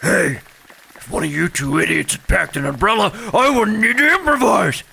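Gravelly crude little monster guy, brash and mocking, kinda high. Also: very animated, a little slow, bright, forceful tone, full character voice. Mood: irritated. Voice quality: gravelly, raspy. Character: crude bat-winged male creature, brash and foul-mouthed.

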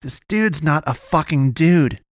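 A man voicing a panicky young man in an audiobook, cursing in a loud, high, agitated voice. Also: monotone, unhurried, gravelly, smooth, no room sound, studio quality. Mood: alarmed.

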